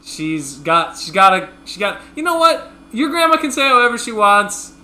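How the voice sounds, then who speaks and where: Bright, animated young-sounding man. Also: sits high, moderate pace. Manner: animated, teasing, laughs often. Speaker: podcast co-host. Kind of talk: casual sports chat.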